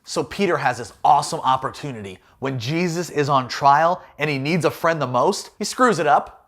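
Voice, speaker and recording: A man's voice: fairly high pitch, expressive, normal speed, fairly bright tone. A man giving a playful, jokey youth talk as a youth pastor.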